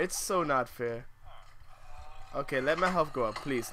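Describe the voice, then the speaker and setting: A man's voice: fairly high pitch, expressive, moderate pace, bright, forceful tone. A young man commentating his own survival game, swinging between muttered asides and shrieking outbursts full of swearing. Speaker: gamer.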